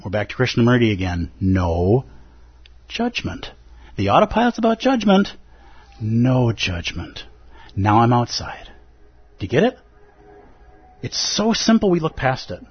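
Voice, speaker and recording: A man's voice: mid-range voice, breathy edge, highs cut off. A man giving a dharma talk as a meditation teacher, earnest and pleading, with playful asides.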